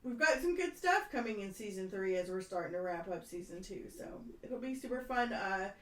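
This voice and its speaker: A woman's voice: medium pitch, animated, a little fast, a bit bright. A woman co-hosting a podcast, chatty and full of fillers, often laughing. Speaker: podcast co-host. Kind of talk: casual podcast chat. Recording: roomy, distant mic.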